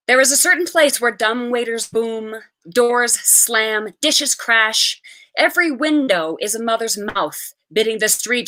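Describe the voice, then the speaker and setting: A woman reading a short story aloud with an expressive, animated delivery. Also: fairly high pitch, unhurried. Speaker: reader.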